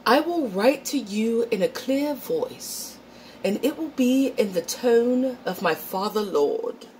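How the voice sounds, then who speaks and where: A woman's voice: fairly high pitch, animated, slow, a little mellow, a little hiss or hum, voice pushed up, rough recording. A woman putting on a pompous, self-righteous man who preaches in archaic old English, recited in a theatrical mock-Shakespearean manner. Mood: grandiose.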